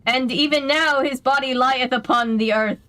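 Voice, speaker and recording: A woman hamming up a grieving male traveler from a video game, speaking in slow, old-fashioned, mock-solemn phrases. The voice sits fairly high and is drawn out for dramatic effect. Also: pushed and bright. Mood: mock-tragic. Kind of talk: playful reading of game dialogue.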